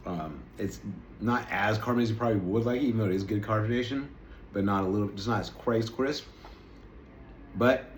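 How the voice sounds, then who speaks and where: Casual male vlogger, lowish voice, rambling self-mocking food talk. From United States. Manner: rambling, chatty, self-deprecating. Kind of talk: casual food-tasting chat. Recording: echoey room with faint noise.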